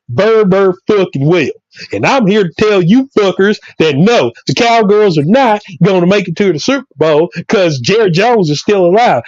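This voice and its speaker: A man with a Southern US accent co-hosting a sports show, delivering loud, repetitive, profane trash talk as a comedic rant. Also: sits high, dry recording. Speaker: sports podcast co-host. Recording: dry, dull lo-fi mic.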